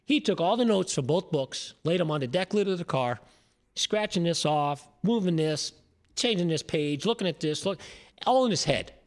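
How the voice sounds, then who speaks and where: Animated storytelling man from Connecticut. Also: fairly high pitch, moderate pace. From Connecticut, USA. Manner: animated, repeats words, chuckles while telling stories. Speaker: guest, former race crew member. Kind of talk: casual interview storytelling.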